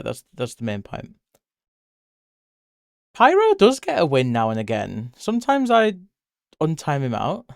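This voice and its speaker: A British man chatting casually on a live stream, answering chat and rambling freely. He laughs often, and his voice jumps up when he gets excited. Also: mid-range voice, gravelly, clean tone, dry recording, studio quality. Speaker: livestreamer.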